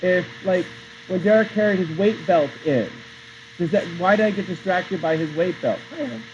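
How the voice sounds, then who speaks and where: A man's voice: sits high, moderate pace, a little hiss or hum. A male teacher giving a classroom lecture, chatty and digressive, often quizzing the class. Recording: dull lo-fi sound.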